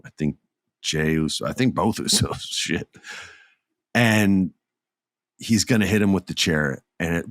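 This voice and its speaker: A man's voice: on the low side, no room sound, clean studio sound. A man hosting a podcast, animatedly recapping a wrestling event in casual talk and acting out what people said. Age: adult with children. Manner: animated storyteller who acts out quotes. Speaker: podcast host.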